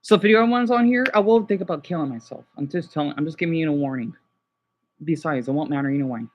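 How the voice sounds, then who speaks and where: A man's voice: sits high, animated, racing, dull audio, slight background noise. A young man livestreaming to his viewers, distraught and exhausted, swearing and repeating himself as he talks unscripted. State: exhausted and upset. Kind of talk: unscripted live stream talk.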